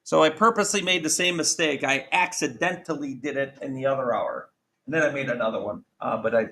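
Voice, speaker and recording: A middle-aged man teaching a high school math class, casual and self-correcting, often asking the class questions. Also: creaky, fairly bright tone. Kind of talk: classroom lecture.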